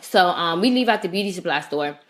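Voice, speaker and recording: A woman co-hosting a podcast, telling a story in a casual, animated rant and swearing freely. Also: fairly low pitch, fairly quick. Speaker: podcast co-host. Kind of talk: casual chat.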